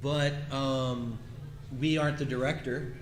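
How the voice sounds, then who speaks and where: A man voice actor calmly explaining his work on a convention panel, clearing his throat at times. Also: mid-range voice, measured pace, reverberant, poor audio. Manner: easygoing, clears throat often.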